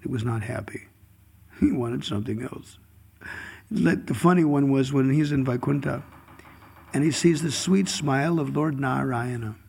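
Gravelly, husky man giving a scripture talk. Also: mid-range voice, a little slow, a little mellow. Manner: chuckling, storytelling delivery; chants Sanskrit verses. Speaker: scripture speaker. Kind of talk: devotional scripture class.

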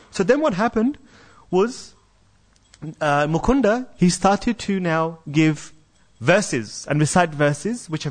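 Man lecturer, fairly high voice, animated storyteller, repeats for emphasis. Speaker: religious lecturer. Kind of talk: storytelling scripture class.

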